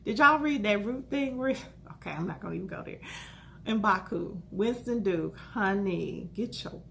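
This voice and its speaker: Chatty woman vlogger with a gravelly voice. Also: mid-range voice, moderate pace, slight background noise. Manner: animated, chatty, exclamatory. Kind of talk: casual chat to camera.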